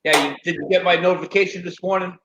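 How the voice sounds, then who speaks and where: A man's voice: high voice, steady tone, quick pace, a bit bright. A man chatting in a laid-back way as a guest calling into a live stream. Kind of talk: casual call-in chat. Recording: dull lo-fi call audio with faint noise.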